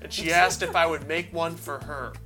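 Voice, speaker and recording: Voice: medium pitch, moderate pace, music in the background. A speaker chatting casually on a podcast, telling an anecdote with laughs and impressions. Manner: animated, laughing, mimics others.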